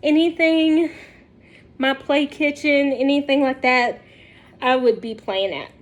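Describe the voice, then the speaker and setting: High-voiced woman telling a story slowly. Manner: chatty, laughs often while telling. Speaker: storytime vlogger. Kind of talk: casual storytelling to camera.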